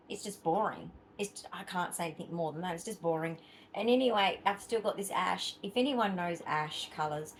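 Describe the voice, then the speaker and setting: A woman's voice: fairly low pitch, slight background noise, low-quality recording. Chatty Australian woman vlogging. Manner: chatty, rambling, with frequent fillers and asides. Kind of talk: casual chat to camera.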